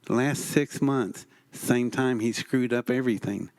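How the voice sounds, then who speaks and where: A man's voice: medium pitch, a little slow, darkish tone. A man telling wry, folksy stories on stage at an expo. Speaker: expo speaker. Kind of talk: storytelling on stage.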